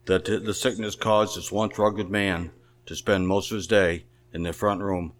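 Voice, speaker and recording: A man reading aloud a memoir about his own family, telling it in a measured, plain storytelling manner. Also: lowish voice.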